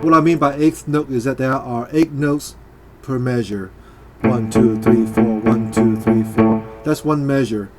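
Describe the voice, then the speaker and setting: A man teaches a guitar part at a measured pace, his mid-range voice steady in tone. It's casual, hesitant instruction packed with fillers and counted beats, and loud guitar playing runs behind him.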